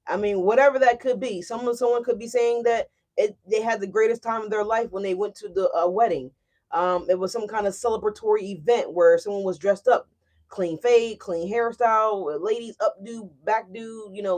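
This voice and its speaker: A woman giving a casual tarot reading to her viewers, animated and emphatic. She often checks in with "right?" and swears freely. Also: medium pitch. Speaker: tarot reader.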